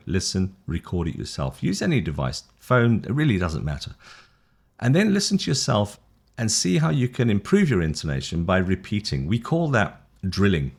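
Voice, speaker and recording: A British man teaching an online English lesson, friendly and encouraging, with a sing-song rise and fall. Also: low voice. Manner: lively, sing-song intonation with big rises and falls; friendly, encouraging, rambling with restarts.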